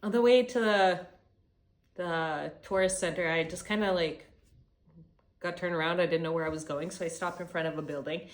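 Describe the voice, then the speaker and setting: A woman's voice: fairly low pitch, moderate pace. A young woman from Canada telling a travel story in a chatty vlog, swearing freely and acting out what people said. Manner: chatty, swears freely, retells dialogue animatedly. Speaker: travel vlogger.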